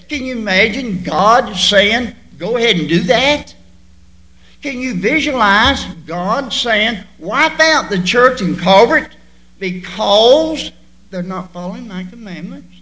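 A man preaching a sermon to his church, with sudden loud bursts and drawn-out emphasis. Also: high voice, lively intonation, low-quality recording. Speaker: pastor.

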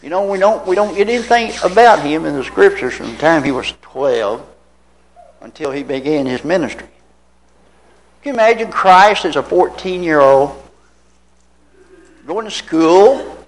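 Folksy older male preacher, lively pitch. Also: normal speed, pauses often, rough recording. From Tennessee. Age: 70s. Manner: folksy storytelling with rhetorical questions. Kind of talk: anecdotal sermon.

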